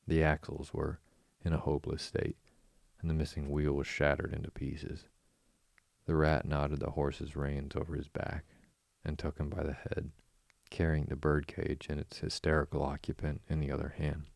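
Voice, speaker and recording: A man host narrating a bedtime story in a slow, soothing, even reading. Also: a bass voice, gravelly, no room sound. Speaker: podcast host and reader.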